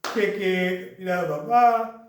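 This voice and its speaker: A man with a Chicago accent giving an animated storytelling lecture, acting out the voices in his story. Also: high-pitched, slow, slight background noise. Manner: lively, acts out voices in dialogue. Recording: echoey room, mic at a distance.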